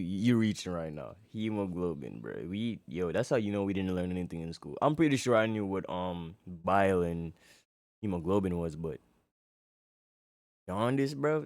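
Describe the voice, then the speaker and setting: A man's voice: low-pitched, expressive, moderate pace, a little mellow, dry recording. A man hosting a reaction video, commenting in a slangy, laid-back way and calling the viewer "bro". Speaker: reaction channel host.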